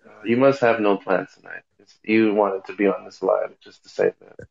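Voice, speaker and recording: A man's voice: fairly low pitch, fairly even intonation, normal speed, vocal fry, a little mellow, lo-fi sound. A man in his thirties in a group voice chat, needling and lecturing the others. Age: 30s. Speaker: voice chat participant.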